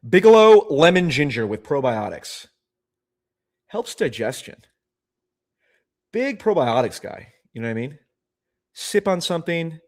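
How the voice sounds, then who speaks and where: A man's voice: a little high, sing-song, a little slow, pauses often, darkish tone. A man hosting a livestream in casual chat, rambling and often cutting himself off mid-sentence. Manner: rambling, self-interrupting, chatty. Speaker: livestream host.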